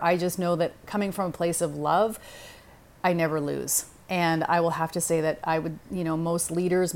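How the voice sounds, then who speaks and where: A middle-aged woman with a slightly low voice gives casual advice. She talks straight to the listener, direct and chatty, and keeps checking in with "okay?" and "right?" along the way. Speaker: podcast host.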